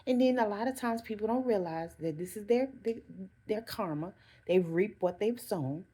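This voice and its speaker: A woman's voice: medium pitch, lively intonation, moderate pace, mellow, slightly rough. A woman talking straight to her viewers, giving earnest self-care advice and repeating phrases for emphasis. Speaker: vlogger. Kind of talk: casual motivational talk to camera.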